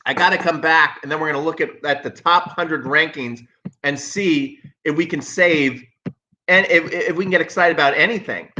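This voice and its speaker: A male tennis coach hosts a casual live stream, sarcastic and emphatic, hammering his points home by repeating them. His voice sits a bit high and sounds bright and forceful. The recording is dull and lo-fi. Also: moderate pace. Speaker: tennis coach and channel host.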